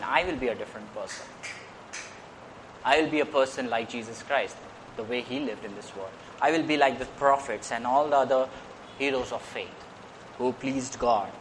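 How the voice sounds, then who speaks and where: A man's voice: mid-range voice, fairly bright tone, a little hiss or hum. A man preaching a sermon in an earnest way. He repeats phrases and lifts his voice on key points.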